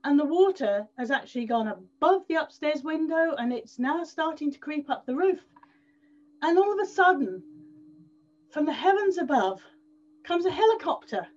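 A woman presents to an event audience, pitching her story high and lively and stressing points by repeating words. The recording sounds a little dull and lo-fi. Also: moderate pace. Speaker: speaker at an event.

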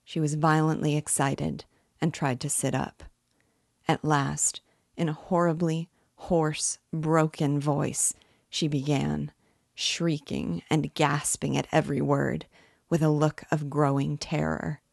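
A woman reads a classic novel aloud as host of a reading series. Her narration is measured and slow. Her voice sits low with a gravelly edge, and the recording is close and dry. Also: little pitch movement, darkish tone, no room sound. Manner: measured, unhurried literary narration. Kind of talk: audiobook-style reading.

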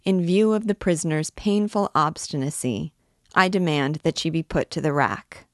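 A woman voicing a male prosecutor who speaks gently and formally. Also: sits low, normal speed, no echo, studio quality, close to an everyday voice. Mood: gentle.

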